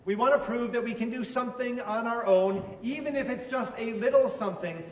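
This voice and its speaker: A man's voice: very high-pitched, fairly quick, a little hiss or hum. A man preaching a sermon in a conversational way, asking his listeners questions. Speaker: pastor. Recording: echoey hall from far off, faint ambience.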